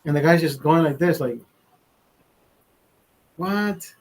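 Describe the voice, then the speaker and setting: Male show host, husky tone, pitched a touch high, loose profane storyteller who restarts sentences a lot. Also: fairly even intonation, quick pace, darkish tone, low-quality recording. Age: adult, father. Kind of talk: casual rambling chat. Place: studio.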